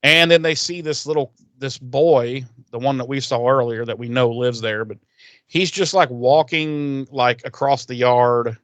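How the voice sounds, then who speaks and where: Recorded without any room sound, this mid-range male voice belongs to a podcast co-host recapping an episode. His casual chat retells the TV episode's scenes in rambling, profane fashion, with quick voices for the characters now and then.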